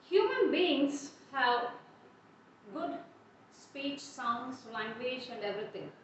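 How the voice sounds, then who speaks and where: A woman's voice: fairly high pitch, fairly bright tone, slight background noise. A woman with an Indian English accent, a college lecturer explaining step by step with many examples in an online class. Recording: echoey, distant, muffled room recording.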